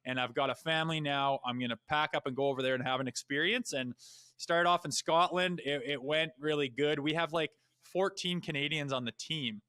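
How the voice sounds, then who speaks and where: A man's voice: a little high, brisk, clear, resonant tone, no room sound. A man talking as a podcast guest, a retired hockey player telling blunt, profane stories in casual chat. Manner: blunt and profane, with animated asides. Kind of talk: casual storytelling.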